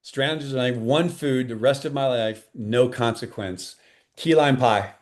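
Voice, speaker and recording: A man, a life coach and pastor, talking as a guest in an interview in an earnest, animated way. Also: medium pitch, takes it slowly. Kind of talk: enthusiastic interview talk.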